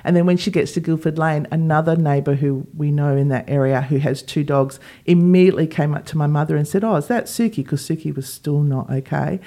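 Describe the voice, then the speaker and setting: A woman's voice: low voice, brisk, hardly any pauses. A woman, a podcast co-host telling a personal story in casual chat and acting out what others said. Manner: animated, acts out quoted dialogue.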